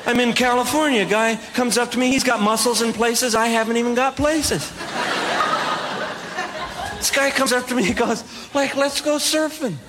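High-voiced self-mocking stand-up comedian. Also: male voice, normal speed, long pauses, a loud crowd, very noisy. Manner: self-deprecating, animated storytelling with acted-out dialogue.

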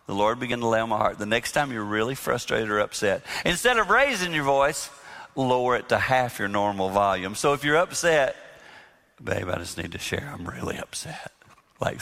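A man giving a sermon-style marriage talk to a live audience, earnest, moving from emphatic to very soft. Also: on the low side. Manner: earnest, shifts between loud emphasis and soft near-whispers. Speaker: marriage speaker. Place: live event room with audience. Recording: long reverb of a hall.

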